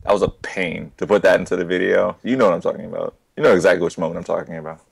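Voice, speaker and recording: A man co-hosting a podcast in casual chat, with a gravelly voice and a wry manner. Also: low voice, little pitch movement, rapid-fire, no echo. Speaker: podcast co-host.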